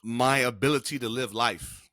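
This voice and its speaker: This is casual podcast talk from a middle-aged co-host sharing a personal story with emphasis and plenty of slang. His voice is medium-pitched and sharp, at normal speed, recorded dry in studio quality.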